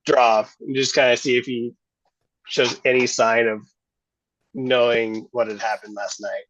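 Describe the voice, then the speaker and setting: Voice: mid-range voice, flat delivery, unhurried. A player in a tabletop game, talking casually and rambling with many fillers. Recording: dull, muffled stream audio.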